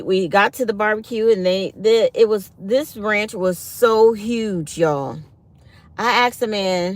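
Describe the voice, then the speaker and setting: A woman, chatting to her viewers on a casual livestream and acting out what people said. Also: medium pitch. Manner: chatty, talks to viewers as y'all, acts out quotes. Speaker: livestream host. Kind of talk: casual live-stream storytelling.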